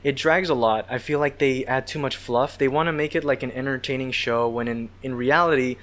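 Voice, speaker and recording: A man's voice: medium pitch, brisk, a bit bright. A man guesting on a casual podcast, giving his opinions with lots of hedging. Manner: hedging, says "I feel like" a lot.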